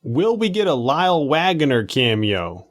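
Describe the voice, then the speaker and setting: Man, podcast co-host, casual chat, laid-back, lively pitch. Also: normal speed. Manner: laid-back, reads out guests' answers, loose and profane.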